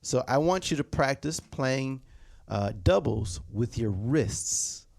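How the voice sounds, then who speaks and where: Speaking slowly in a medium-pitched, darkish voice with vocal fry and lively intonation, a man teaches drum technique. The dry studio recording includes snare drum playing as he patiently repeats points and sings rhythms like "da, da."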